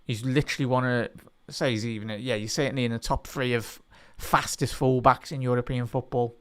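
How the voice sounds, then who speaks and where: A man hosting a live football watch-along, chatting to viewers and shouting out at goals. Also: mid-range voice, fairly even intonation, a little fast, clean tone. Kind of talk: live match reaction and chat.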